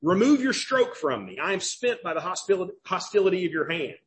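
A man's voice: high-pitched, animated, brisk. A man with a Southern US accent preaching a sermon as pastor, emphatic and questioning, repeating key phrases.

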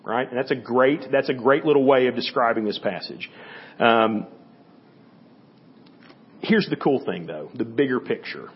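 Husky-voiced male pastor preaching casually. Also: medium pitch, a little slow, pauses often, muffled recording. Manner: conversational preaching with frequent "right?" asides. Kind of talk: sermon.

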